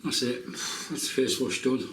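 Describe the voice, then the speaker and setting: A man's voice: mid-range voice, measured pace, fairly bright tone, far from the mic. Man, 50s, casual joking chat, echoey room, faint background noise. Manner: chatty, joking, self-mocking asides. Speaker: shaving vlogger. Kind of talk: casual chat while shaving. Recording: roomy, off-mic, faint noise.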